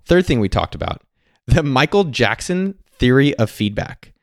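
A man telling a story and sharing advice in a casual monologue, animated and acting out the people he quotes. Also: mid-range voice, normal speed, no room sound, clean studio sound. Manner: animated, quotes others in lively put-on voices.

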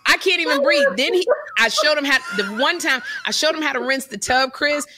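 A woman co-hosting a casual chat who tells animated, exaggerated stories. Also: high voice, fairly quick, noisy background. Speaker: co-host.

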